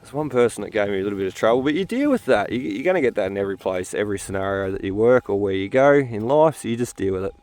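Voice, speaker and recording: A man's voice: fairly low pitch, lively intonation, a little mellow. Tired guy rambling while metal detecting outside, lots of ums and restarts. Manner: halting, full of fillers and restarts. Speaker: metal detecting channel host. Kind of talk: rambling casual vlog talk while detecting.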